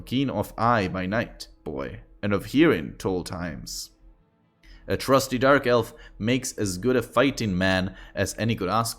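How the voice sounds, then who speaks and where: A grizzled, one-armed old army sergeant speaks in a put-on mock Scottish accent, his voice low and gravelly in tone. A man voices him while reading a storybook aloud, and soft music plays faintly behind. He talks in broad, rustic old-soldier speech.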